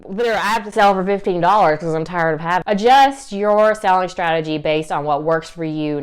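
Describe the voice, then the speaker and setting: Young woman, Southern US accent, casual vlog chat, upbeat and chatty, smooth clear voice. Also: on the low side. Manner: chatty, upbeat, lots of fillers and little laughs. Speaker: reseller vlogger.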